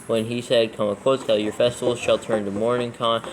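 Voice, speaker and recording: A man's voice: mid-range voice, little pitch movement, fast talker, noisy background. A man reading scripture aloud for proofreading, steadily spelling out every punctuation mark and capital letter. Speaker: scripture reader in a proofreading session. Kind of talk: dictating text aloud with punctuation.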